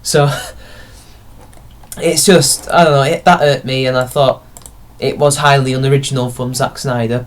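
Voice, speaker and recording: A young man giving a casual, rambling film review, opinionated and often correcting himself mid-sentence. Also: mid-range voice.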